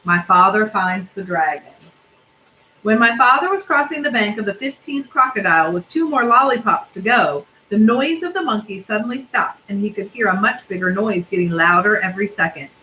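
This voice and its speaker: A woman reading a storybook aloud, her narration steady and expressive, with asides about the pictures. Her voice is bright and sharp, with a faint ambient noise behind it. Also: mid-range voice, moderate pace, poor audio.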